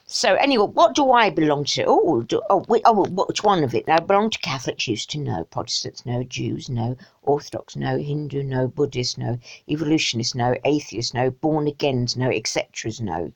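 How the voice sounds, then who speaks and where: A woman's voice: extremely low pitch, expressive, normal speed, few pauses. A woman giving an emotional rant commentary in a sarcastic, exasperated way, with muttered asides. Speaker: video blogger.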